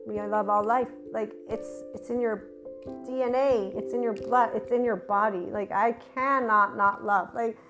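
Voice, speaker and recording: A woman's voice: a little high, steady tone, normal speed, music in the background. A woman talking casually in an unscripted spoken monologue, telling personal stories, acting out both sides of quoted arguments and swearing freely. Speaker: spiritual channeler sharing stories.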